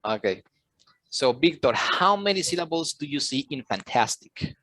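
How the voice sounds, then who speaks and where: A man's voice: fairly high pitch, sing-song, moderate pace, bright, forceful tone, no room sound. A man teaching an English lesson, explaining patiently, repeating key points, quizzing students and sometimes switching into Spanish. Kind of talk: online class lesson.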